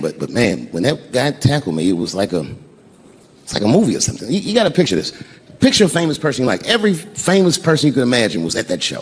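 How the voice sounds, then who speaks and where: A man telling a profane stand-up story on stage, breaking into shouted impressions. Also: a little high. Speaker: stand-up comedian. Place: comedy stage before a live audience. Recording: live show with crowd laughter and noise.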